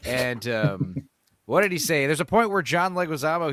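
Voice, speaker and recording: A man hosting a casual chat show, talking about films in a rambling, animated way with lots of fillers and laughs. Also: fairly high pitch, normal speed, dry recording. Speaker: host.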